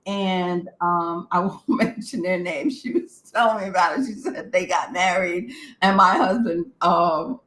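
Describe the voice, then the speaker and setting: A woman's voice: fairly low pitch, measured pace, a bit bright, roomy sound, rough recording. A woman co-hosting a podcast in casual chat, telling stories and acting out the people she quotes. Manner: storytelling, acts out quoted voices with laughter. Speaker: podcast co-host.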